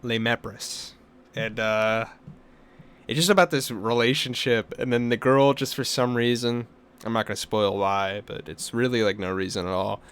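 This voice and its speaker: A young podcast co-host with a smooth, mid-range voice talks at a moderate pace in casual conversation. He tells animated stories and goes on rants, swearing a lot.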